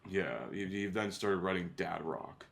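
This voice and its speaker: Deep-voiced rambling male podcast host. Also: measured pace, creaky. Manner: rambling, many fillers, laughing along. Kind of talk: casual chat.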